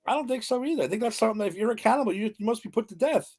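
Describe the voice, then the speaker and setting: A man co-hosting a podcast, telling stories in an animated way with swearing and laughter. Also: sits high, very fast, breathy edge. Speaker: podcast co-host. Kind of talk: casual chat.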